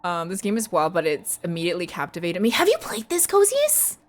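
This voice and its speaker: A woman streamer chatting casually with her viewers while playing a game, giggly and excitable, squealing when she greets people. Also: lowish voice, brisk. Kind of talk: casual livestream chat with viewers.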